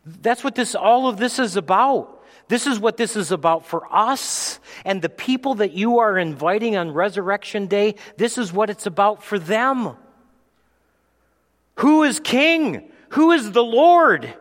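A man preaching a sermon as pastor, swinging between loud, forceful preaching and hushed storytelling, in a church sanctuary. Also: sits high, moderate pace. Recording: long hall reverb.

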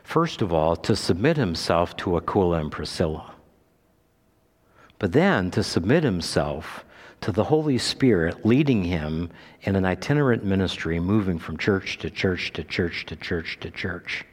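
A male pastor preaching a sermon with emphasis, his voice lifting high when he quotes Scripture. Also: animated, measured pace, in a large hall. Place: church sanctuary.

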